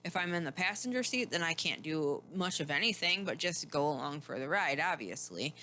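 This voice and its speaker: A woman's voice: low-pitched, lively intonation, fairly quick, pushed and bright, a little hiss or hum. Candid woman host telling a story. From Michigan. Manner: candid, rambling, laughs often, many restarts. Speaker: podcast host. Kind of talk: casual personal storytelling.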